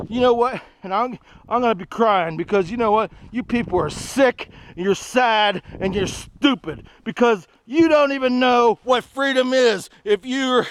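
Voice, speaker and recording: A middle-aged man vlogging outdoors on a trail, delivering an angry, rambling political rant to camera that rises into shouting. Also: sits high. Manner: ranting, shouting, rambling and repetitive.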